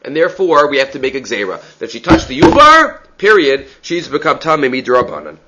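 A man's voice: fairly high pitch, huge pitch swings, brisk, very noisy. A man giving a Talmud lecture, explaining step by step and often checking in with a rhetorical "right?". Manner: explanatory, asks rhetorical "right?" often, mixes Aramaic terms. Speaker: Talmud teacher. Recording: dull lo-fi recording.

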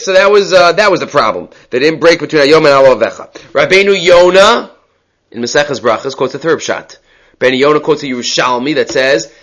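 A man teaching a Talmud class, explaining in a quick, conversational way and mixing in Hebrew and Aramaic terms. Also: fairly high pitch, a bit bright.

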